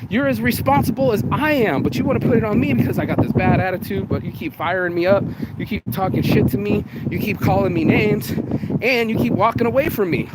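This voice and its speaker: A man's voice: high voice, a little fast. A man giving a blunt, profane, emotional motivational monologue outdoors in the rain. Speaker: vlogger. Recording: noisy outdoor street recording. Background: rain and passing traffic.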